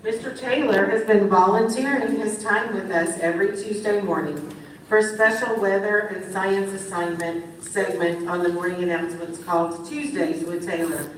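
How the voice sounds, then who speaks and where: A woman reading a formal, measured introduction of a guest speaker at a school ceremony. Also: medium pitch, steady tone, a little hiss or hum. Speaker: ceremony presenter. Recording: echoey hall from far off, faint ambience.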